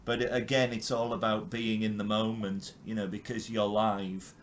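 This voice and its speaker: Older man, from England, podcast host, lowish voice, chatty and eager, faint hiss. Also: level tone, normal speed. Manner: chatty, enthusiastic, with frequent restarts and chuckles. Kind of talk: casual interview chat.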